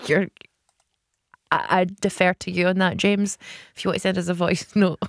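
A woman's voice: fairly low pitch, fairly even intonation, gravelly, no echo. A woman co-hosting a radio show, reading out listener texts and laughing often. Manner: giggly, quick to laugh. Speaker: radio co-host.

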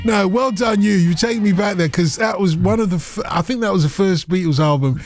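A man's voice: sits high, brisk, soft background music. A man hosting a radio phone-in, playful and theatrical, with sudden exclamations and snatches of song. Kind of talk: casual radio chat. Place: radio studio.

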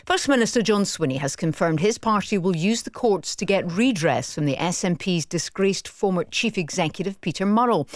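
A woman presenting breakfast radio with brisk, friendly links. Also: medium pitch, dry recording, clean studio sound.

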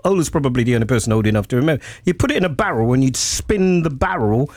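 A man's voice: mid-range voice, fast, no echo, clean studio sound. An older man, hosting a casual radio chat and telling stories with a laugh. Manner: chatty, laughing, animated storytelling. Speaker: radio host.

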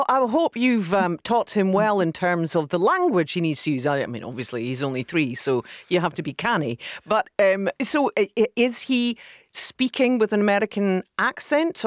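A woman's voice: fairly low pitch, animated, moderate pace, no echo, clean studio sound. A woman co-hosting a live radio show, jokey and teasing. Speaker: radio co-host.

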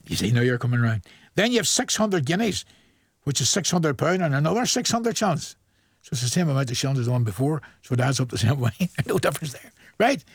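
A man with a Northern Irish accent presenting a chatty local radio show, reading shout-outs and a quiz in a folksy, jokey way straight to listeners. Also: medium pitch, breathy edge, no echo, studio quality.

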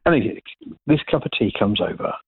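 A man calling in to a radio phone-in and telling a jokey, animated story. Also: medium pitch, a little fast, slightly rough, no echo. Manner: jokey, animated anecdote-teller. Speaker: caller. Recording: tinny phone line.

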